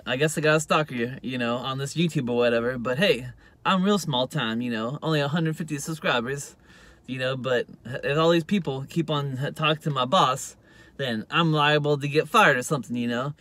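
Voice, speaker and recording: A man's voice: medium pitch, moderate pace, a bit bright. A man vlogging into his phone in a casual, rambling monologue, leaning on "you know" at every turn. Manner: rambling, heavy use of "you know" fillers. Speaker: YouTube vlogger.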